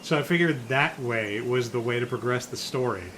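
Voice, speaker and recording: A man's voice: mid-range voice, moderate pace, a bit bright, a little hiss or hum. A man playing a game on stream, chatting casually and dropping dry jokes. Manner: dry, joking asides. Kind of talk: casual chat while gaming.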